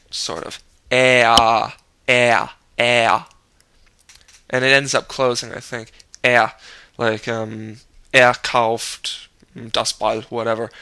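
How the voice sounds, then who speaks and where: Young man giving a halting pronunciation lesson. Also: medium pitch, sharp tone, clean tone, no echo. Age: young adult. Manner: hesitant, searching for explanations, demonstrates sounds repeatedly. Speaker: language tutor.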